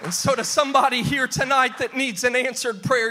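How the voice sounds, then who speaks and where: Male preacher, very high voice, bright and forceful, shouting sing-song cadence. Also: fairly even intonation, brisk, faint music behind, some chatter behind. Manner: shouting, half-singing cadence. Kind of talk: pentecostal-style sermon.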